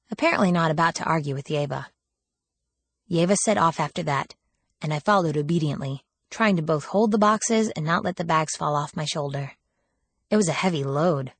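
A woman's voice: low-pitched, no room sound. A woman reading a first-person audiobook in a wry, sardonic storytelling manner, lifting her voice for quoted lines. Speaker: audiobook narrator.

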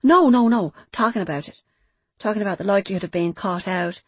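A woman's voice: fairly low pitch, steady tone, quick pace, slightly rough, no echo. A woman voicing a remorseful young mother who talks earnestly and insistently in an audiobook. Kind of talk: audiobook character voice.

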